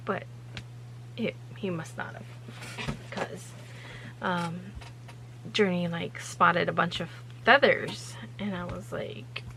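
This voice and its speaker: A woman's voice: medium pitch, gravelly, pushed and bright, slight background noise, poor audio. A woman hosting her own vlog, telling a story in a rambling, chatty way with lots of loose fillers. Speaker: vlog host.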